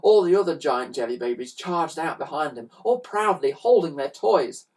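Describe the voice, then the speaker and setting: A man reading a children's story aloud with expressive, animated narration, recorded on a slightly distant mic. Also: on the high side, normal speed. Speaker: storybook reader.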